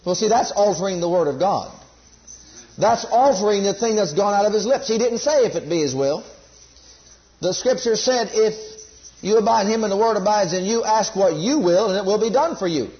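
A man's voice: sits high, brisk. A man preaching a sermon, emphatic and repetitive, drawing the congregation into call-and-response. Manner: emphatic, repeats key phrases, leads congregation call-and-response. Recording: dull lo-fi sermon recording.

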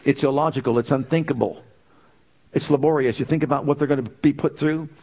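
A man's voice: a little high, steady tone, brisk, darkish tone. A man preaching a sermon, emphatic and full of rhetorical questions.

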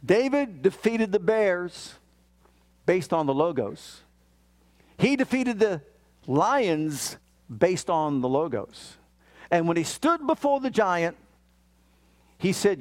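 A man's voice: high-pitched, sing-song, slow, pauses often. A middle-aged man preaching a sermon, reading scripture aloud with emphasis and telling family stories between the verses. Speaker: pastor.

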